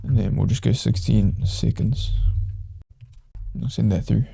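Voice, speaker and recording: A man hosting a casual software tutorial, talking loosely and thinking aloud as he clicks through a demo. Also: fairly low pitch, unhurried, vocal fry, husky. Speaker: tutorial host. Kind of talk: casual screen-recorded software walkthrough.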